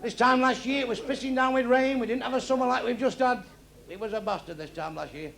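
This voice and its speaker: A man's voice: extremely high pitch, fast talker, creaky. A middle-aged man doing blunt, crude stand-up comedy on a club stage. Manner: blunt, crude, deadpan delivery. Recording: echoey club with crowd noise.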